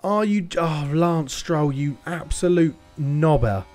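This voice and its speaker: A man commentating his racing management game, excitable, swearing and shouting at the cars on screen. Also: fairly high pitch, slow. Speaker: gaming YouTuber.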